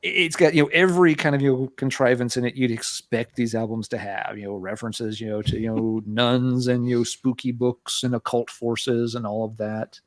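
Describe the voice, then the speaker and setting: A mid-pitched man's voice, dry and close to the mic, talks casually as a podcast guest. His speech is loose and hesitant, padded with constant "you know"s and "um"s. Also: steady tone, a little fast, few pauses, no room sound. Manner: filler-heavy with lots of "you know"s. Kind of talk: casual chat.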